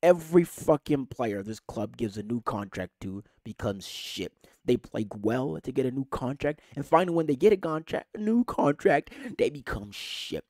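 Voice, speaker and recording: A man's voice: mid-range voice, lively intonation, normal speed, hardly any pauses, a little mellow, dry recording. A man, hosting a podcast, ranting angrily about football with lots of swearing and emphatic repetition. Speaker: podcast host. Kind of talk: casual football rant.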